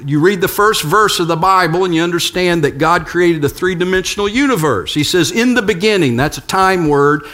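An older male pastor preaches in a conversational, storytelling style, working in some light humor. For a man his voice is somewhat high, with a bright, forceful tone.

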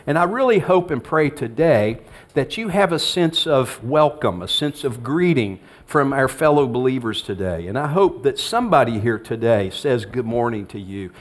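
A man's voice: mid-range voice, lively intonation, normal speed. A middle-aged man preaching a conversational sermon as pastor, telling family stories with frequent restarts.

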